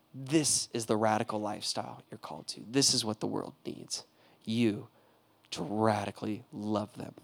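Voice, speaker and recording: Gravelly-voiced animated young man preaching. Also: mid-range voice. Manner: animated, laughs often, shouts when acting out quotes. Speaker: pastor. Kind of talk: sermon with storytelling and prayer.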